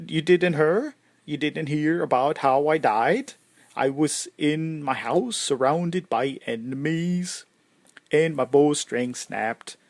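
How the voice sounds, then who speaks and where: A man voicing a boastful, bald, bearded male Norse warrior with a put-on Swedish accent, loud and jovial. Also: on the high side, creaky, dry recording.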